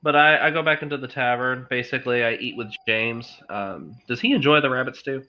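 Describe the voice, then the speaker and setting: A man playing a tabletop game with friends, speaking in character in a steady, fatherly way. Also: medium pitch, brisk, dull audio. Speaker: tabletop player. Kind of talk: casual in-character play.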